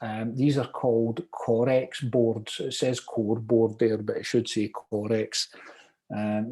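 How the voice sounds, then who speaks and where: A man's voice: mid-range voice, mellow. Glaswegian man running an online training. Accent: Glaswegian Scottish. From Scotland, Glasgow. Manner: chatty, upbeat, reads out viewer comments. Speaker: property investment trainer.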